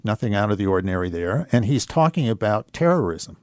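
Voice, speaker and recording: A man with a fairly low voice tells a personal story as a radio show guest. He talks in an earnest, reflective way, unhurried, with the odd filler. His voice comes across close and dry, with no room sound. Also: sing-song, darkish tone, no room sound.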